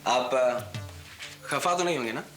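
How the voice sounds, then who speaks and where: A man's voice: mid-range voice, very fast, a bit bright, faint music behind, natural voice. An actor playing a boastful, flirtatious male film star with an Indian accent, breezily mixing Hindi into his English. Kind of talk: 1990s TV drama acting.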